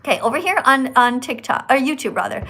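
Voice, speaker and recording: A woman hosting a live stream, talking to callers like a teacher who lectures and corrects them. Her voice sits a little high. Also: lively intonation, fast talker, pushed and bright. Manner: schoolteacher-like, scolding and instructing; says her own voice is annoying. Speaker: livestream host.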